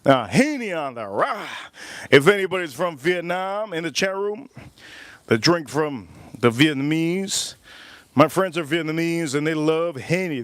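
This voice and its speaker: A man's voice: fairly high pitch, lively intonation, a little slow, fairly bright tone, dry recording. Joking man hosting a grill livestream. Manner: loose, joking, talks to chat and reads super chats aloud. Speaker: livestream host. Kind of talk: casual livestream chat while cooking.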